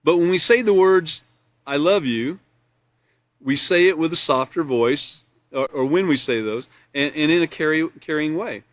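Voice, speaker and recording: A man's voice: on the high side, moderate pace, hardly any pauses, fairly bright tone, no echo. A man teaching an online character education class in a loose, conversational way, with many restarts and fillers and frequent chuckles.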